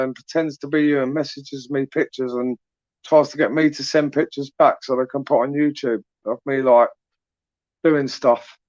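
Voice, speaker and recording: A young English man from the south, medium-pitched with no echo, hosts a late-night livestream. He reads viewers' comments and responds in a casual, teasing way, in a dry, dull, lo-fi recording.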